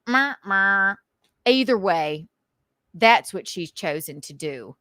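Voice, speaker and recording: A woman host with a transatlantic accent, ranting casually about online comments with crisp enunciation and goofy, theatrical outbursts. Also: low voice, lively intonation, slow, no echo, studio quality. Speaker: show host.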